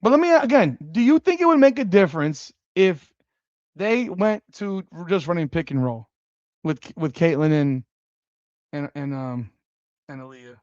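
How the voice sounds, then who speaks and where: A man's voice: a little high, a little slow, dry recording, muffled recording. A man hosting a live stream, reacting to a game with frequent exclamations and curses, repeating rhetorical questions to his chat. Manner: excitable, exclaims and curses at plays. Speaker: livestream host.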